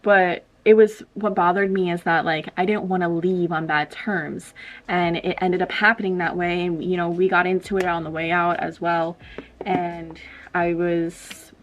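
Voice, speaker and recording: A woman's voice: on the low side, steady tone, unhurried, dull audio. A young woman vlogger chatting casually through a story while getting ready, full of "like" and acted-out dialogue. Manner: chatty, lots of "like", acts out quoted dialogue.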